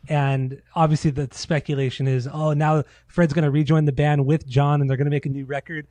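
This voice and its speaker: A podcast co-host chats casually, spinning loose, profane stories and acting out quotes. His voice is a little high and warm, with a level tone and slightly fast pace, recorded with no room sound.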